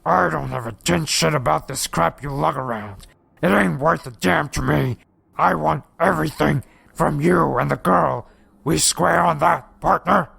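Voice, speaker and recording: Guy doing a creepy raspy monster, slow texas drawl, gurgly, pretty slow. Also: fairly high pitch, pushed and bright, dry recording, heavily acted. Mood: menacing. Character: hideous shape-shifting male monster, slow menacing.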